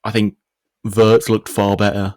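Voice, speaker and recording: A man co-hosting a sports podcast, giving measured, analytical comments in a casual chat. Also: lowish voice, little pitch movement, a little mellow, no room sound, studio quality. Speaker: podcast co-host.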